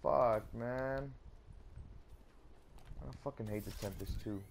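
A man's voice: mid-range voice, slow, gravelly, a little hiss or hum. A young man commentating his own gameplay, swearing constantly and letting out sudden angry outbursts. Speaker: gaming YouTuber.

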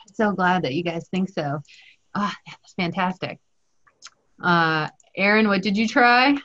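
A woman teaching a live culinary class by video call keeps things playful and jokey, her lowish, slightly bright voice moving slowly. The online call audio sounds muffled.

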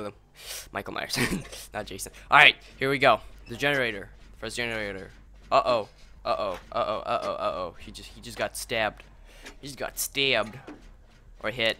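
A man's voice: lowish voice, bright, forceful tone, slight background noise. A young man giving gaming commentary while he plays, swearing a lot and ranting in frustration. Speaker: gameplay video creator.

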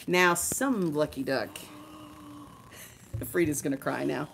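A woman's voice: deep voice, slow, creaky, crowd noise. A woman hosting a live art supply show, chatting and showing off products with enthusiasm while joking with her co-hosts. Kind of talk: casual live-stream product showcase.

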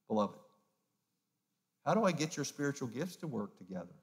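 A male pastor preaching with mid-range pitch and strong emphasis. He swings from loud, ringing lines to quiet, hushed ones. He sometimes puts on sneering voices of the crowd. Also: sing-song, brisk, long pauses. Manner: acts out mocking voices of the crowd. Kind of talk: sermon.

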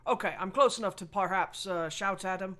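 Female player, bright tone, asking questions. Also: medium pitch, a little fast. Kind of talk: casual tabletop play.

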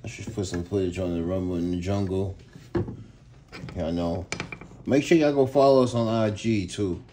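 A laid-back man vlogs from inside his home kennel, chatting loosely about his dogs and calling viewers "y'all" and "man" a lot. He has a low-pitched voice at a normal speed, and the background is noisy.

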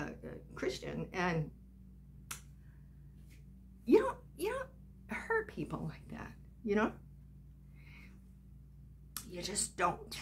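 A woman's voice: on the low side, gravelly, a little hiss or hum. An older woman vlogging, telling a personal story in a chatty, rambling way full of asides.

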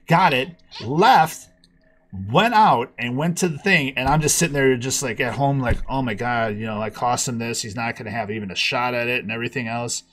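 A man telling a long personal story on a podcast call, acting out the people he quotes with big jumps in his voice. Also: brisk. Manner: animated, acts out quotes with big pitch jumps. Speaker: podcast guest. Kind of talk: casual storytelling.

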